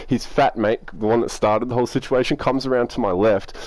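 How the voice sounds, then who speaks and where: A man's voice: mid-range voice, fairly even intonation, brisk, darkish tone, no echo. A young Australian man telling a rambling story in a casual, laid-back way, swearing constantly.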